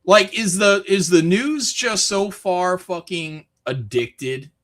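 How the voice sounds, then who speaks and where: Man host from Michigan, somewhat high, bright voice, rambling swearing rants in loose chat. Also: expressive, slow. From Michigan, USA. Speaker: streamer host. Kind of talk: casual chat.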